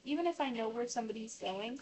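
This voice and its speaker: A woman's voice: fairly high pitch, expressive, fast talker, darkish tone. A woman telling a long personal story in casual, rambling talk, restarting her sentences and filling them with "like" while she washes dishes at home. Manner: rambling with many restarts and fillers. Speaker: vlogger. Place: home kitchen, indoors. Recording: voice distant from the mic.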